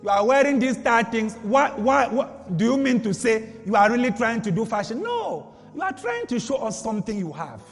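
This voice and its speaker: In a long-reverb hall with soft music underneath, a male preacher gives a sermon at a moderate pace with hardly any pauses. His voice is strikingly high and lively, and he drives points home by repeating himself and posing rhetorical questions.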